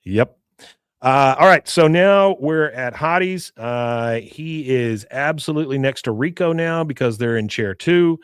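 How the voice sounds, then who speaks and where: A male podcast host recapping a cartoon episode in a casual, animated way, acting out the characters' lines. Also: mid-range voice, a little slow, smooth, dry recording, studio quality. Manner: animated storytelling, acts out lines.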